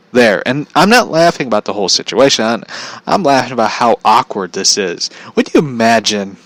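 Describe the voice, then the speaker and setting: A man's voice: mid-range voice, a bit bright, no room sound, low-quality recording. A man ranting bluntly in a casual commentary vlog, swearing freely and often laughing at his own points. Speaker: vlogger.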